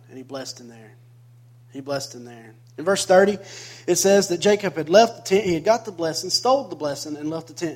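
Male pastor, fairly high voice, storytelling sermon, humorous asides, builds to emphatic preaching. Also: husky. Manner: storytelling with joking asides, growing more emphatic. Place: church sanctuary.

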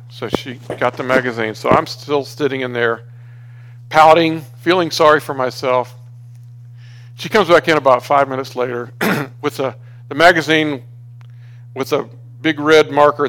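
With a mid-range voice, a measured pace and long pauses, a man gives a sermon built on storytelling. His delivery is conversational, full of restarts, and livelier when he's exasperated.

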